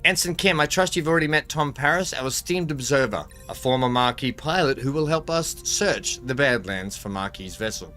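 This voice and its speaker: A man's voice: medium pitch, lively intonation, normal speed, few pauses, pushed and bright, faint music behind. A man reading the lines of a stern female starship captain, giving clipped, formal orders in his own voice. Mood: commanding.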